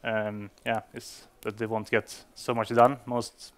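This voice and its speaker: A man's voice: lowish voice, little pitch movement, slow. A man giving a conference talk to developers, speaking English as a non-native speaker, with frequent fillers and restarts. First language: Swedish. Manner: hesitant, many fillers and restarts.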